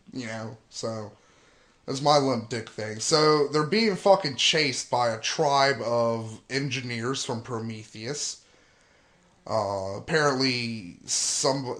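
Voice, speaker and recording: A man's voice: medium pitch, fairly bright tone. Profane ranting young man. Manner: profane, ranting, heavy swearing. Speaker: gaming and movie vlogger. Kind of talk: casual rant recapping a movie preview.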